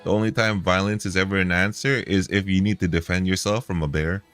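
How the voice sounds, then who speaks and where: A man's voice: low-pitched, fairly even intonation, quick pace, fairly bright tone, soft background music. A man streaming a reaction video, talking in a heated, profane, repetitive way.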